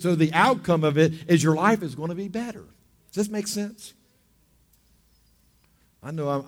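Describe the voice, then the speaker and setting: A man preaching a sermon with fervent delivery, reading scripture and swinging between loud bursts and hushed asides. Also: medium pitch. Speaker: pastor.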